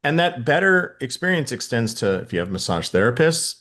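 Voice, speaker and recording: A man hosting a podcast interview in a relaxed, conversational way. He leans on fillers and poses what-would-you-rather questions, his voice sitting at an ordinary middle pitch for a man. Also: a little fast. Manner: casual, filler-heavy, posing hypotheticals. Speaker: podcast host.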